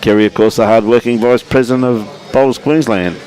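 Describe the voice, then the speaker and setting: A man's voice: medium pitch, steady tone, brisk, darkish tone, low-quality recording. An Australian man commentating a live lawn bowls stream in a chatty, matey way, greeting viewers by name. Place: outdoors at a bowls club.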